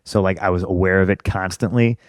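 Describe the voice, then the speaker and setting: A middle-aged man telling a profane story in casual talk, getting more animated whenever he quotes his own rants. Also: sits low, brisk, no echo, studio quality.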